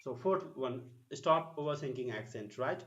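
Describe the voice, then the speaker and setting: A man's voice: mid-range voice, animated, moderate pace, lo-fi sound. A man from the Bengal region of India with a Bengali English accent, teaching an online spoken English lesson and repeating sounds with many fillers. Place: home, cooking while teaching.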